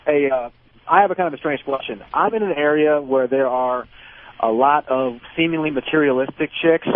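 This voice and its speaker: A man's voice: a little high, brisk. A man calling in to a radio show, asking his question in a polite, casual way over a phone line. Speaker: caller. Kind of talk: call-in question.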